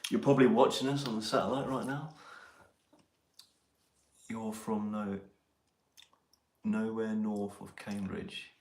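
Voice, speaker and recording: A man's voice: fairly low pitch, little pitch movement, unhurried, pauses often, echoey room. An English man hosting a casual live chat, joking and laughing with his mate. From England. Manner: banter and laughing. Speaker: live stream host. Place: outdoors near Ely.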